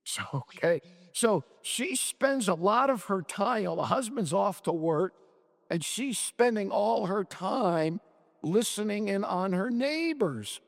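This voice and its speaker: A man with a high, gravelly voice retells a short story at a slow, unhurried pace. He talks in a relaxed, thoughtful way. A long hall reverb trails each phrase. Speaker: story discussant.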